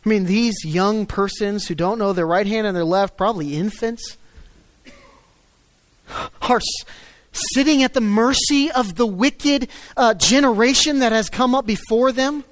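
A man preaching a sermon, swinging between loud emphatic stresses and low quiet asides. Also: measured pace, no echo. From United States. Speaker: pastor.

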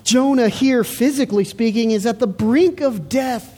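A woman's voice: fairly high pitch, normal speed, warm tone, husky. A woman preaching a sermon in an earnest, emphatic way, repeating words as she builds her point. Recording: reverberant hall.

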